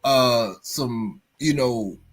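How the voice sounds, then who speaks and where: A male livestream host with a medium-pitched voice talks extremely slowly in a casual chat. He rambles, restarting often and filling gaps with phrases like "you know what I'm saying".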